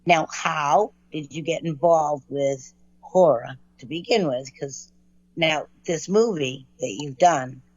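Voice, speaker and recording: A woman's voice: sits low, slow pace, darkish tone, slightly rough, no echo. A woman hosting an interview show, upbeat and encouraging toward her guest, on a dry, dull lo-fi recording. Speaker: show host. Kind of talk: casual interview chat.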